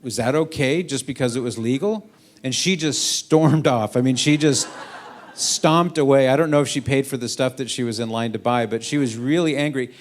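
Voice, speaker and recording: A man's voice: medium pitch, normal speed. A middle-aged man giving a storytelling talk to a school audience, acting out the quoted voices in his anecdotes. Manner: animated anecdote-telling, acts out quoted voices. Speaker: guest speaker. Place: school event hall.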